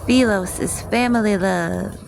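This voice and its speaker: A woman's voice: mid-range voice, unhurried, vocal fry, noisy background. A woman poet teaching a casual spiritual class outdoors. She speaks candidly, swears freely, and laughs often. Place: outdoors, with planes passing overhead.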